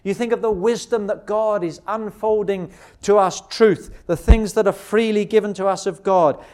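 A man delivers a sermon in a high-pitched voice. He leans on rhetorical questions and drags out key words for emphasis, speaking straight to his listeners. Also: steady tone, measured pace, a little mellow. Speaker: preacher.

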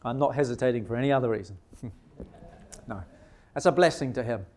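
A man preaching a sermon, emphatic and full of rhetorical questions, slowing down to stress key words. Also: medium pitch, darkish tone.

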